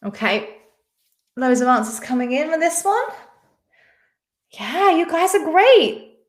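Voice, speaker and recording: A woman's voice: high voice, very animated, slow. A woman hosting a live-stream quiz, chatting casually and reading out viewers' names and answers. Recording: echoey room.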